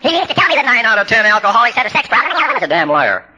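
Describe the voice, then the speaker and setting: An older man tells stories at a recovery workshop, his high, sharply bright voice carrying a husky edge. He talks bluntly with salty language and lets his lively delivery swing up and down as each tale builds to a punchline. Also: racing, highs cut off, faint music behind. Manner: humorous storyteller building to punchlines. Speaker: recovery meeting speaker. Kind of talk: storytelling talk at a recovery workshop.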